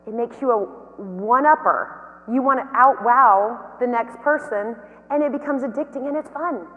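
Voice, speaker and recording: Woman giving a lively keynote in a reverberant hall. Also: on the high side, moderate pace, narrow, tinny audio. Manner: lively, anecdotal storytelling. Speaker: keynote speaker and company founder. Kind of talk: motivational keynote talk.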